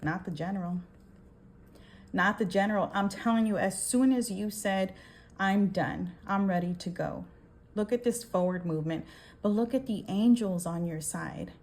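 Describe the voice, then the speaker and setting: A woman's voice: mid-range voice, normal speed, darkish tone. A woman giving a casual tarot reading, talking emphatically, swearing and often checking in with "okay?". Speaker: tarot reader.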